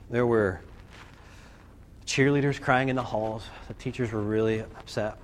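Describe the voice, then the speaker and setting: A man giving a storytelling talk to a student audience, animated and acting out scenes and voices. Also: mid-range voice, takes it slowly, slight background noise. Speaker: speaker addressing students. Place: live talk to a group.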